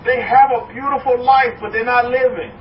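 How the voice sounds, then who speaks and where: A man preaching a sermon as a rabbi, animated, swinging high and low, now chanting, now laughing along with his point. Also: normal speed. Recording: echoey room, mic at a distance, dull sound, faint noise.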